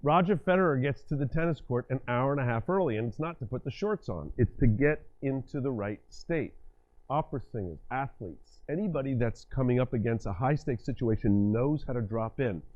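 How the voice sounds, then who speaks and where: A middle-aged man giving a live talk, leading the audience through exercises in an animated, directive way. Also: medium pitch. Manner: animated, directive, demonstrates states with his voice and body. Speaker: workshop speaker and communication coach. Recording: dull lo-fi lecture recording.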